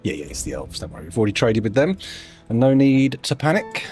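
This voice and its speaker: A man's voice: mid-range voice, very animated, fast talker, a little mellow, faint music behind. A man streaming a game, chatting casually and thinking aloud with dry, self-mocking asides. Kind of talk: casual live-stream commentary while playing.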